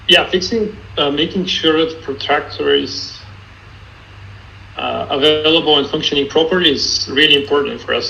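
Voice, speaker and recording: A man calmly answering technical questions as a guest in an online Q&A, explaining step by step. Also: a little high, vocal fry, highs cut off, a little hiss or hum. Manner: calm, explanatory, some restarts. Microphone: video call.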